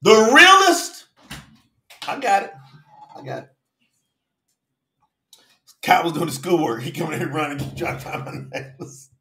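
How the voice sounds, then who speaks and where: A man preaching in a livestream sermon, fervently calling out viewers by name and swinging between shouts and low murmurs. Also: wildly swooping pitch, normal speed, pauses often, echoey room. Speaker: preacher hosting a live Bible study.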